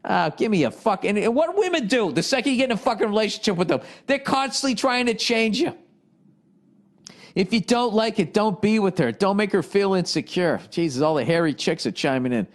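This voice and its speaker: A man delivers a comedic podcast rant in a voice that sits somewhat high for a man. He reads questions aloud, then riffs on them with plenty of swearing and a tone of exasperation. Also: animated, brisk. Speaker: podcast host. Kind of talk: ranting comedic monologue.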